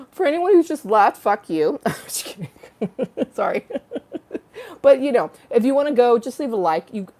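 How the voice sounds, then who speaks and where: A woman's voice: a little high, animated, unhurried, pauses often, darkish tone. A woman hosting a casual livestream from home, rambling and giggly, swearing freely and breaking into little sung snatches. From Los Angeles-based. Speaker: livestream host. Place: home in a hot room with a fan.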